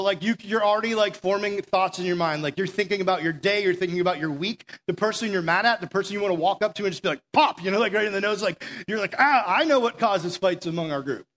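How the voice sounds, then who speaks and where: A man's voice: high voice, fairly bright tone. A young man giving a casual youth sermon, telling stories in a chatty way full of "like" and "right?". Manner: chatty storytelling, lots of "like" and "right?". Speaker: youth pastor. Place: church meeting room.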